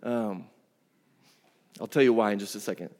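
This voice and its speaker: Pastor preaching in a reverberant church. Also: male voice, lowish voice, normal speed, darkish tone. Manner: conversational and emphatic, with casual asides. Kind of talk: sermon. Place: church sanctuary.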